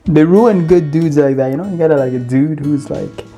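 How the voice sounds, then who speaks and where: A man's voice: fairly high pitch, normal speed, mellow, faint music behind. A man hosting a reaction show, reacting to clips in slangy, exasperated casual talk with frequent laughs. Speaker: reaction podcast host.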